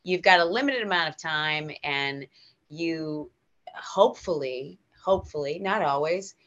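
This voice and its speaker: An American woman, a guest actor, telling stories in a casual interview, animated and emotional with many restarts. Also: deep voice, unhurried, lo-fi sound. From United States.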